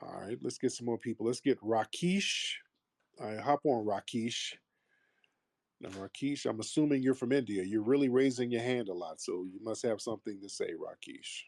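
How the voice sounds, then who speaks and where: A man's voice: fairly low pitch, normal speed, vocal fry, a little mellow, dry recording. A man hosting a call-in talk show, blunt and combative, mocking his callers. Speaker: host.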